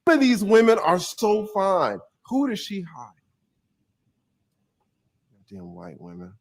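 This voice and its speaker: A retired attorney explaining a court case in a joking, playful way, laughing at his own asides. His voice is high for a man and swings up and down constantly. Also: wildly swooping pitch, slow. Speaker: retired defense attorney, guest commentator. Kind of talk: animated legal commentary.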